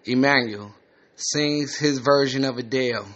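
A man's voice: mid-range voice, measured pace, a bit bright. A man reading a screenplay aloud, with plain, matter-of-fact stage directions, on a slightly muffled lo-fi recording. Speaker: script reader.

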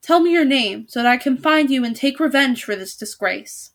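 A woman reading a storybook aloud, voicing a blustering, furious one-eyed male duke who roars and shouts. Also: high voice, expressive, moderate pace. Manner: roaring, shouting.

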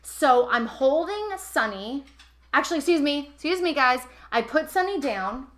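Young woman host, podcast storyteller, fairly high voice, bright tone, emotional, confessional. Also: moderate pace. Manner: animated, emotional, addresses listeners directly.

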